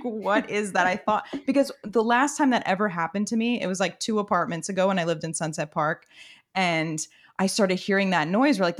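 A woman from Brooklyn with a Brooklyn accent, a guest on a casual chat, telling stories in an animated way full of "like", recording in her apartment on a professional microphone. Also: on the low side. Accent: Brooklyn New York. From Brooklyn, New York. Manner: animated storyteller, lots of "like", laughs. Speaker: guest, host's sister.

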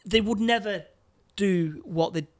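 A man co-hosting a casual film review chat, recounting scenes in a halting way with many repeated words and fillers. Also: sits high. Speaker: podcast co-host.

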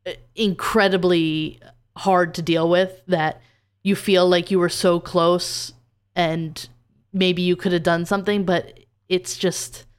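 A woman with a smooth, fairly low voice chats on a true crime podcast. She speaks hesitantly, restarting her sentences and trailing off as she searches for words. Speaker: podcast co-host.

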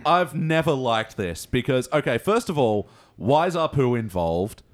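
A man's voice: mid-range voice, expressive, measured pace. A man hosting a casual podcast review, laid-back and critical, chuckling often. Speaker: podcast host.

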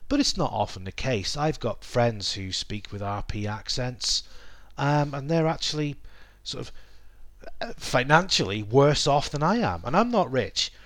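A man hosting a solo educational podcast for English learners, talking in a measured, explanatory way with the odd "um". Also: medium pitch, very animated, a bit bright, no echo. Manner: measured, explanatory, with occasional ums. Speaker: podcast host teaching English. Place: based in the UK.

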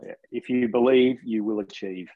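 A man co-hosting a casual live photography chat over a video call, relaxed and chatty with frequent ums. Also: mid-range voice, normal speed, no echo, phone-quality sound. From Australia. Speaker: podcast co-host.

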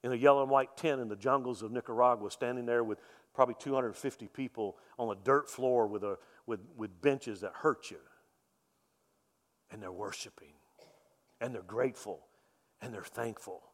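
A male pastor preaching a sermon in a folksy, joking way, swinging from loud emphasis to soft, quiet lines. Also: mid-range voice, moderate pace. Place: church sanctuary. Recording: long reverb of a church hall.

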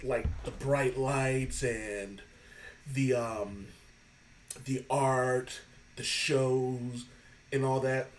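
A man of middle pitch hosts a podcast in loose, casual chat. He tells stories with animated energy, swears freely and laughs often. His voice sits a little back from the mic. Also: distant mic, low-quality recording. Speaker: podcast host.

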